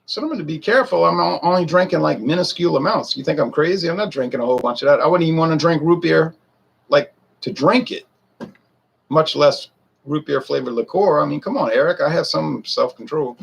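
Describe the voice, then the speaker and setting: Gravelly husky man rambling to viewers. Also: a little high, fairly quick. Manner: rambling, defensive, talks straight to viewers. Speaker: whiskey reviewer. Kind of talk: casual talk to camera.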